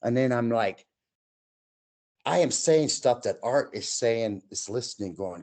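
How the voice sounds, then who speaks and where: Male guest storyteller, mid pitch, lively delivery that acts out the other people in his stories. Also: a little slow. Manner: animated, acts out quoted voices. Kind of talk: telling personal paranormal stories.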